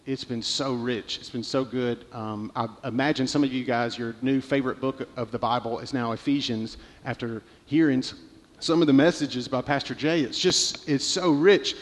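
Halting male preacher in a reverberant hall. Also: mid-range voice, fairly even intonation. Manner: halting storytelling with many restarts. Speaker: pastor. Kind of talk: sermon.

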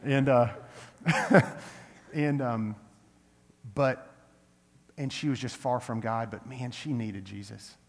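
An earnest male pastor speaks at an ordinary middle pitch, mixing a casual storytelling tone with bursts of emphatic preaching. His voice rings out with the long reverb of a large church hall. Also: steady tone, slow, pauses often, husky. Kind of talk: sermon with personal story.

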